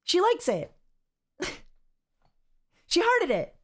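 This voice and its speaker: A woman's voice: very high voice, huge pitch swings, extremely slow. A woman streamer reacting on a live stream, rambling and exasperated, repeating herself as she talks. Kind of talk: casual livestream commentary.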